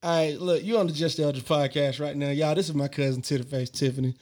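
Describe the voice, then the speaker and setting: A man's voice: fairly high pitch, fast. Laughing man telling stories. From Georgia, US. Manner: animated, laughs often, slangy and profane. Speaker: podcast host. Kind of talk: casual storytelling.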